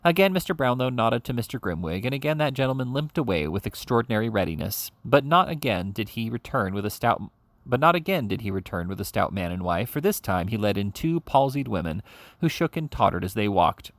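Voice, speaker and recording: A man's voice: medium pitch, very animated, a little fast, no room sound. A man reading a classic novel aloud as an audiobook reader, giving the characters' lines a livelier delivery than the narration.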